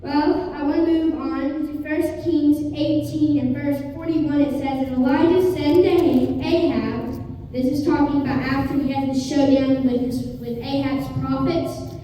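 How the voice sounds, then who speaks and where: A woman preaches an earnest sermon, retelling a scripture story and acting out its voices. Her voice sits high but sounds mellow and warm. She is picked up from a distance in a large, echoing hall with a long reverb and faint room noise behind. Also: steady tone, unhurried. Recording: echoey hall from far off.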